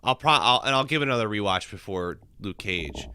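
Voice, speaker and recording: A man's voice: fairly low pitch, expressive, brisk, bright, forceful tone, slight background noise. A man co-hosting a podcast while sick, rambling casually with restarts. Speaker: podcast co-host. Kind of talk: casual chat.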